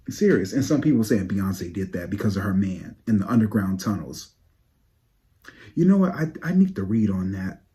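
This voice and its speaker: A man giving sassy, profane gossip commentary to his viewers, dropping to low mutters and jumping up to high exclaims. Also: darkish tone. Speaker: psychic tarot channel host.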